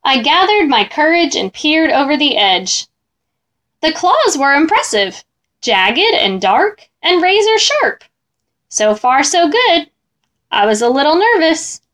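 A woman reading a children's story aloud in an expressive, animated way. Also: sits high, takes it slowly.

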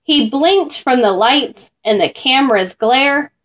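A woman reading a rhyming children's picture book aloud, slow and expressive. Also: high-pitched. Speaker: storyteller.

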